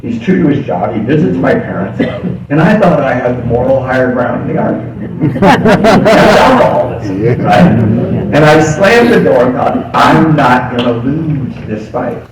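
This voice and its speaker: Crowd noise surrounds a middle-aged man telling his recovery story from a podium, his mid-range, sing-song voice unhurried. He confides in the room and laughs frequently, captured by a faraway mic in an echoing hall with background noise.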